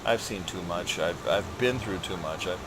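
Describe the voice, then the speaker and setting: A man's voice: low voice, normal speed, background noise. Profane, ranting man in a gaming vlog. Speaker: gaming channel host. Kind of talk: rambling personal update while gaming.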